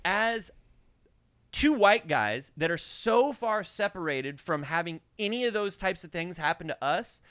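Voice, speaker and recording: A young man co-hosting a podcast, telling a story in a casual, animated way, acting out the people in it and swearing freely. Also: high-pitched, unhurried, smooth, dry recording. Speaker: podcast co-host.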